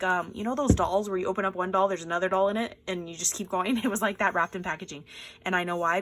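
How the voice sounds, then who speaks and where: A woman hosting a casual crafting unboxing, excited and gushing, with frequent fillers. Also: medium pitch, a little fast, a little hiss or hum. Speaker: crafting channel host.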